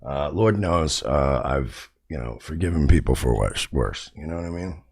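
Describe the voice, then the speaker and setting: New york guy with a gravelly voice, defensive, lots of ums, pitch swings up and down. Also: lively intonation, moderate pace, darkish tone. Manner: hesitant, defensive, many fillers. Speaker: streamer in a played clip. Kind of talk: casual monologue to viewers.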